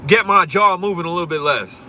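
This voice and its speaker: A man from Pennsylvania rambles fast and profanely on a livestream, full of swagger. His voice is bright and forceful. Faint street and car noise sits behind him as he talks into a phone outdoors. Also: sits high. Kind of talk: casual livestream talk.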